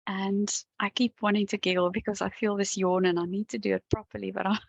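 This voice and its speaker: A woman coach gently talking viewers through an EFT tapping session, yawning and sighing as she relaxes. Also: medium pitch, a little fast, creaky, dry recording, lo-fi sound. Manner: gentle, calm, talks the viewer through each step. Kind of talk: guided tapping session to camera.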